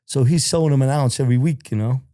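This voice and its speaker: A man's voice: mid-range voice, fast, warm tone, no echo, studio quality. An older man telling a long crime story as a podcast guest, rambling, swearing and acting out quoted lines. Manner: profane, rambling, acts out quotes. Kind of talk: casual storytelling.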